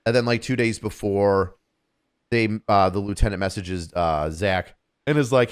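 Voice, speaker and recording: A man in his thirties co-hosting a podcast, telling a story in a casual, profane, animated way that turns loud and exasperated. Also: fairly low pitch, unhurried, smooth.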